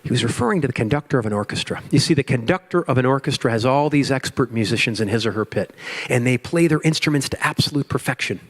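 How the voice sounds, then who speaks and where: A man's voice: mid-range voice, lively intonation, fast talker. A man giving a motivational keynote to an audience, with emphatic repetition and storytelling. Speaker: keynote speaker. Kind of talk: motivational speech.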